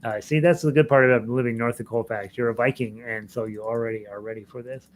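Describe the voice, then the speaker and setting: A man's voice: mid-range voice, fairly even intonation, quick pace. A middle-aged man hosting an online ukulele class, reading viewer comments in a rambling, chatty way with fillers and restarts. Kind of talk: casual live-stream chat reading viewer comments.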